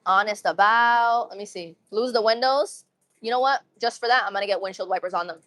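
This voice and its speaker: Talking to viewers on her livestream in a relaxed, upbeat way, a young woman from Massachusetts mixes a New England accent with some urban slang and often repeats herself. Her voice is mid-range, fairly quick, and a bit bright, with no room sound.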